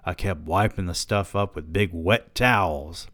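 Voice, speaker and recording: A man reading a novel aloud on his show, low-key and deadpan, with occasional asides. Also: a little slow, dry recording. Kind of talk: audiobook-style reading.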